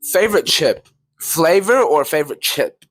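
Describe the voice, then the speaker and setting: A man's voice: a little high, big pitch swings, moderate pace, a bit bright. A young man co-hosting a casual podcast, joking and teasing, sometimes drawing out his words. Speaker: podcast co-host. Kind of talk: casual chat.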